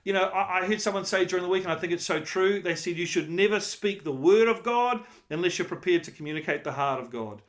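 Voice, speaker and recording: High-voiced man preaching conversationally. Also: fast, few pauses. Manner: conversational, emphatic preaching with rhetorical questions. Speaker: pastor. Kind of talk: sermon.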